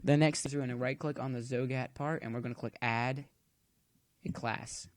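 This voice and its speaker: A man's voice: mid-range voice, fairly even intonation, quick pace, dry recording. Chatty man giving a coding tutorial. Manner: chatty, cracks corny jokes while waiting. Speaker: tutorial maker. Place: at home.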